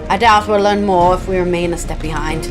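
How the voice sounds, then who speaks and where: A woman voicing an earnest, serious young male scholar while reading game dialogue aloud, formal and deliberate. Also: on the low side, fairly even intonation, over music, pitched below the performer's own voice, lightly acted, rough recording.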